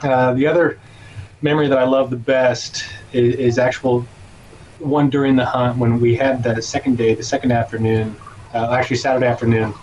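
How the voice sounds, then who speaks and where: A man's voice: medium pitch, level tone, moderate pace, darkish tone, muffled recording, slight background noise. A man recalling a hunt as a podcast guest, easygoing and a bit rambling. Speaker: guest, camera operator. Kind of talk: casual podcast chat.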